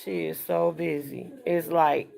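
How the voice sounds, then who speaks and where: A woman's voice: low-pitched, steady tone, a little slow, vocal fry, darkish tone. A woman hosting a casual live stream from home, chatting and confiding to viewers she calls y'all and girl.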